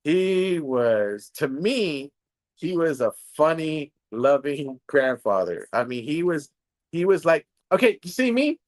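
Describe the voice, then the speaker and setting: A man's voice: on the high side, takes it slowly. A middle-aged man from Texas, a comedian hosting a casual chat, telling family stories with laughs and acted-out quotes. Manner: animated, laughing, acts out quoted voices. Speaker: comedian host.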